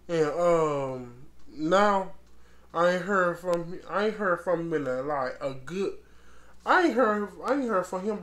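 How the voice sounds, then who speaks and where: A transgender woman telling a storytime vlog in a blunt, profane, rambling way, calling her listener girl. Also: deep voice. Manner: rambling with many restarts. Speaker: vlogger.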